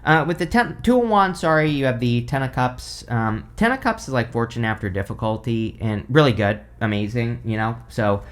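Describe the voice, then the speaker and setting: A young man giving a casual tarot reading to camera, rambling and thinking aloud with many fillers, clearly excited. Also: mid-range voice, moderate pace, hardly any pauses. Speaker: tarot reader.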